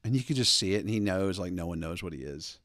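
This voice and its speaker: Man, podcast host, low voice, rambling animated stories, dry room. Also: quick pace, no echo. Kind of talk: casual opinion talk.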